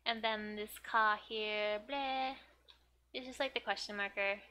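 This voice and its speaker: In this casual manga lesson, the Japanese teacher talks at a measured pace, with a little hiss or hum in the recording. Chatty and prone to giggling, she leans on "um" and "like" and reads the characters' lines with high, excited voices.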